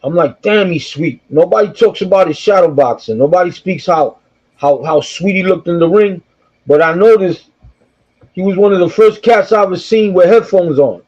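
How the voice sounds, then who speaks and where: A male co-host with a somewhat high voice tells a story in an animated, casual way. The audio is dull and lo-fi, missing its top end. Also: normal speed. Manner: animated anecdote teller.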